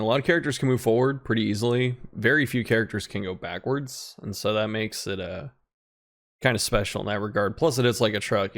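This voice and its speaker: Laid-back low-voiced man chatting about games. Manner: relaxed, laughs easily, many restarts. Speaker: guest content creator. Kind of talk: casual game discussion.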